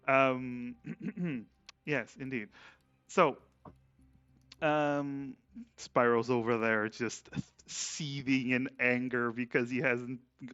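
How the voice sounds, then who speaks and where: A man runs a tabletop game on a live stream and chats while waiting for players. He talks slowly and loosely, laughs a lot and often starts sentences over. His voice sounds dry and a little muffled. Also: mid-range voice, smooth, no room sound. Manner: relaxed, rambling, laughs often. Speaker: game master. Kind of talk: casual chat before a tabletop game stream.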